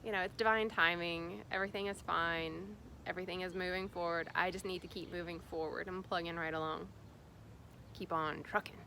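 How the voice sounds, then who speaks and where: A woman's voice: fairly low pitch, steady tone, fairly quick, gravelly, pushed and bright, a little hiss or hum. A woman from Indiana, a spiritual guide, talking casually and rambling with many fillers and restarts. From Indiana, USA. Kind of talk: casual spiritual vlog talk.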